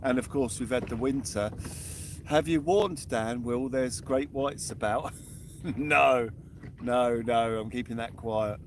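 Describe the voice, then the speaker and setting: A young man with a medium-pitched voice speaks slowly, keeping up cheerful, chatty commentary while fishing from a small boat at sea. A faint hiss of outdoor noise sits behind this fishing vlogger's live-stream talk.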